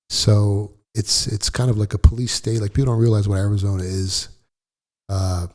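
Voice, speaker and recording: A middle-aged man telling a personal story in a blunt, profane, animated way, as a guest in a casual interview. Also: on the low side.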